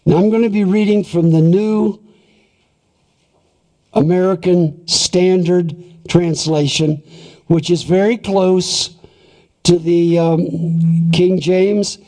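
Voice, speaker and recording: A man preaching a sermon, reading scripture and explaining it deliberately, posing and answering short rhetorical questions. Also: sits high, fairly even intonation, darkish tone. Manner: deliberate, emphatic Bible exposition, repeating rhetorical questions.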